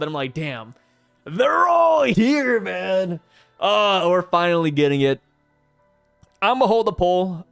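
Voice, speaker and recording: A man casually reviewing a comic chapter, chatty and excitable, with many fillers and acted-out quotes. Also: on the high side, no room sound. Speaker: manga reviewer. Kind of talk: casual commentary.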